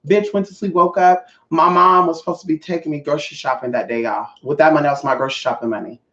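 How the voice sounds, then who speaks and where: A young woman vlogger telling a profane, animated storytime monologue straight to her viewers. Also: deep voice, fast. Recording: roomy, slightly dull audio.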